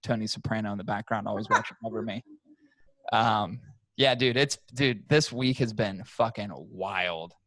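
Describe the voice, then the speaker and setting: A young man, a podcast co-host, telling a profane, animated story in casual chat. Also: on the low side, moderate pace, no echo.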